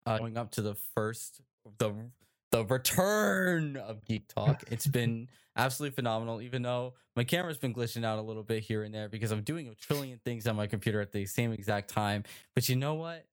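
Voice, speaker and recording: A male podcast host in easy conversation, his voice at an ordinary middle pitch. He rambles with plenty of fillers and keeps tossing out "right?" to his listeners. The delivery is animated and casual. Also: brisk. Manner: animated, chatty, with many fillers and tag questions. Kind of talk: casual chat.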